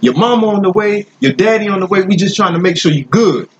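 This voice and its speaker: A man voicing a worried, doting girlfriend in a higher voice than his own. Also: quick pace, lo-fi sound, a little hiss or hum, close to an everyday voice. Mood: fretful. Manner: fussy, worried. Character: fretting girlfriend, anxious and doting.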